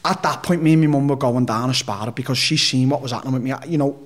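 Speaking quickly at a medium pitch, a Liverpool-accented man from Liverpool, England, shares a personal story as an interview guest. His casual storytelling is blunt, full of swearing, and rambling.

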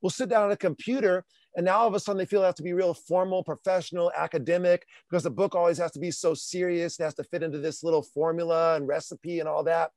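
A man talking as a podcast guest, energetic and animated, with lots of casual fillers. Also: fairly high pitch, fast, few pauses, no echo. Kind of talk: casual interview talk.

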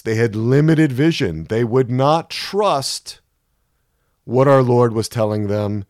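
A man giving a sermon-style Bible teaching, emphatic and measured, reading scripture and explaining it. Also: mid-range voice, a little mellow, no echo, clean studio sound. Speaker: Christian teacher.

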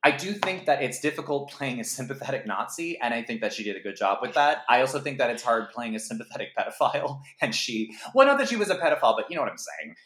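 A man co-hosting a podcast, talking through a film in a rambling, animated way with many fillers. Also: mid-range voice, fast talker, few pauses. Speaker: podcast co-host. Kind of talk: casual film review chat. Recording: echoey room.

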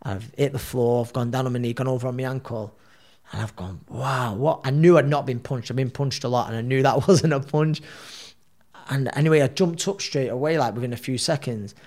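A man, telling a story as a podcast guest in a rambling, animated way, full of fillers. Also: mid-range voice, brisk. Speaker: guest, boxer.

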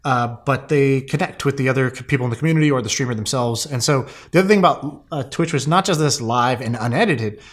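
A man co-hosting a casual podcast chat, with a mid-range voice that is neither high nor low. He rambles, circling back with fillers and restarts as he works through a point. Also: fast, hardly any pauses. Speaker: podcast co-host.

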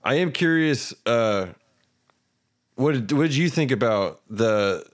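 A man's voice: mid-range voice, expressive, takes it slowly. A man hosting a podcast, animatedly retelling movie scenes in casual chat and laughing often. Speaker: podcast host.

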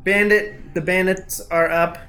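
Casting: bright, clear-toned male game master, hesitant and chatty. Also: sits high, steady tone, measured pace. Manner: hesitant, filler-heavy, laughs often. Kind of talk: narrating a tabletop game.

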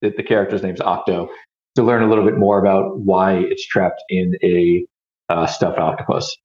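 Male podcast guest, lowish voice, laid-back, recorded in a roomy space on a dull mic. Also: normal speed. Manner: relaxed, with many fillers. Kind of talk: casual chat.

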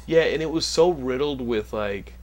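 A young man with a medium-pitched voice hosts a casual podcast chat at a moderate pace. He's an animated storyteller who swears a lot.

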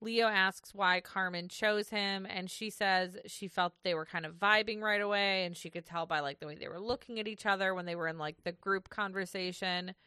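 A woman's voice: mid-range voice, fairly even intonation, normal speed, hardly any pauses, bright, forceful tone, smooth, no room sound, studio quality. A woman co-hosting a podcast, chatting casually through a recap and laughing easily as she reads from her notes. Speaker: podcast co-host.

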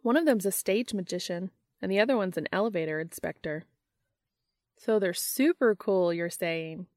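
A sarcastic teenage girl, voiced by a woman reading a story. Her delivery is dry and a little mocking. The voice sits fairly low and the recording is dry. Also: normal speed, a little mellow, dry recording, natural voice. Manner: dry, sarcastic, sing-song at times. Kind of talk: audiobook reading.

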